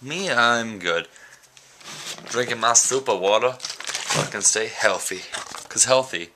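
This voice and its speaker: A man's voice: medium pitch, expressive, slow pace, background noise. A young man talking casually into a handheld camera for his daily vlog, goofy and rambling, mocking himself as he goes. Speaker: vlogger. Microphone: handheld camera mic.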